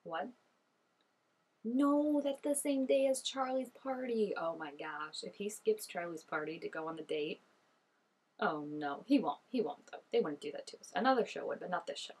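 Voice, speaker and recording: Chatty husky-voiced young woman. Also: low-pitched, fairly quick. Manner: chatty and gushing, many "like" fillers, laughs often. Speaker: reaction video host. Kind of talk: casual reaction commentary.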